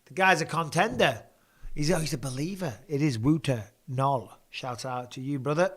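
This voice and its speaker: A man's voice: a little high, moderate pace, fairly bright tone. A man in his forties with an English accent, casually commentating a fight and chatting with viewers on a home live stream, swearing freely. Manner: blokey, swears casually, reads viewer questions. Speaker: host.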